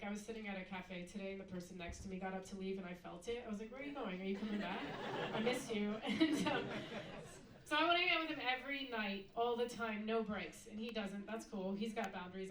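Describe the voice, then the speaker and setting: A woman's voice: medium pitch, fast talker, far from the mic, a little hiss or hum. An American woman performing a stand-up comedy set on a club stage, wry and playful, mimicking other people in her jokes. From United States. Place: comedy club stage before a live audience. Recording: roomy club sound, loud audience laughter.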